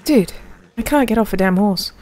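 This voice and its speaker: A woman's voice: medium pitch, lively intonation, normal speed, a little mellow, a little hiss or hum. A woman streamer giving live commentary on her gameplay, laughing often and calling out to other players and her chat.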